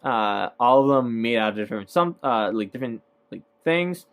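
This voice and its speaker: A man's voice: medium pitch, expressive, normal speed, a bit bright, smooth. A man casually recapping a movie, rambling with lots of fillers and hesitations. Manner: rambling, filler-heavy, laughs at own points.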